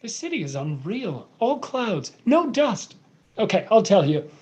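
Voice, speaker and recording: A woman's voice: medium pitch, sing-song, measured pace, warm tone, slightly rough. A woman reading the role of a lovesick young American man, earnest and prone to dramatic outbursts, over a video call. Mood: dreamy.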